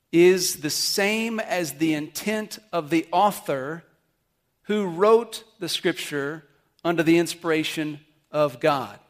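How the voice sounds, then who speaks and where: Earnest pastor preaching, man. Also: on the high side. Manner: earnest teaching with questions to the congregation. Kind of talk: sermon. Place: church service.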